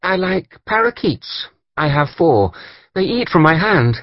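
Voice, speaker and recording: A man's voice: fairly high pitch, big pitch swings, unhurried, dry recording, dull audio, voice pushed up. A man reading an audiobook who voices a teasing, girlish young noble daughter. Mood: chirpy. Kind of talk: audiobook character voice.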